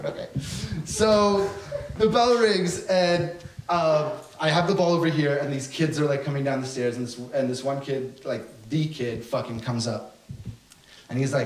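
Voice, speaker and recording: A young man's voice, on the high side and at normal speed, comes through with a little hiss or hum as he performs stand-up. He acts out characters, swears often, and tells his stories animatedly in an echoey room full of audience noise.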